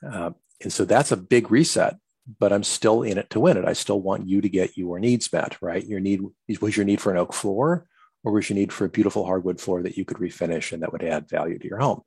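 A man's voice: brisk, a little mellow, no echo. A man coaching listeners on client communication, earnestly acting out sample conversations with customers. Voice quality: low gravelly husky voice. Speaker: business coach. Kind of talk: instructional talk on client communication.

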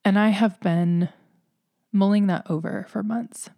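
A woman's voice: mid-range voice, fairly even intonation, a little slow, dark tone, no room sound, studio quality. A woman hosting a faith podcast, speaking earnestly and emotionally in a heartfelt, preaching monologue. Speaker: podcast host.

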